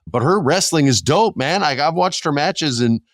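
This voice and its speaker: A man's voice: on the high side, expressive, normal speed, no room sound, clean studio sound. A man hosting a podcast, chatting in a laid-back, slangy and jokey way. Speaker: podcast host. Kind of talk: casual podcast chat.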